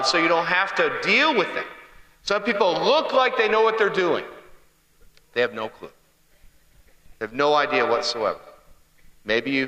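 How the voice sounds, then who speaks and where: A man's voice: medium pitch, sharp tone, reverberant, in a large hall, poor audio. A man giving a humorous sermon, telling stories and asking the congregation questions in a conversational way. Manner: conversational storyteller, asks the crowd questions.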